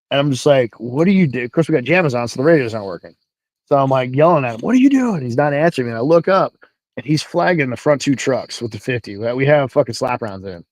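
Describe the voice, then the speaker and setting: A man telling a military story in casual talk, animated and profane, acting out the dialogue. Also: mid-range voice, no echo, low-quality recording. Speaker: guest, military veteran.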